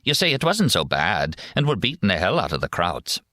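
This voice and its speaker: A man's voice: sits low, huge pitch swings, brisk, bright, forceful tone, no echo, clean studio sound, heavily acted. A man voicing a sardonic young male soldier who mockingly describes a hero's homecoming. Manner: sarcastic, mock-cheerful storytelling.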